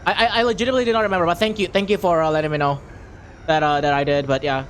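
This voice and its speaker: A young adult streamer chatting casually with viewers, excitable, laughing often and stumbling over repeated words when flustered. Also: medium pitch, racing, a little hiss or hum. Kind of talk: casual live-stream chat.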